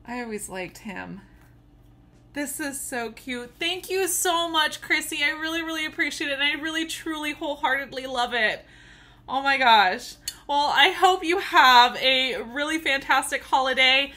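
She's a tumbler crafter with children, unwrapping a present for her casual vlog while gushing, giggling and squealing often. The voice is high-pitched and sharp in tone, at a normal speed.

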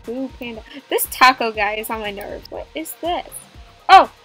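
High-voiced excitable woman gamer. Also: moderate pace, soft background music. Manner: excitable, gasping, jokey. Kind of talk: playful game commentary.

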